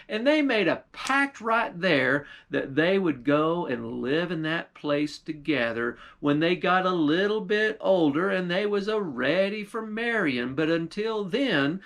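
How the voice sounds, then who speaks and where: A man's voice: fairly high pitch, a bit bright. Folksy man telling a folktale. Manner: drawling, folksy, repeats "why". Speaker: storyteller. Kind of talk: folksy storytelling with a moral.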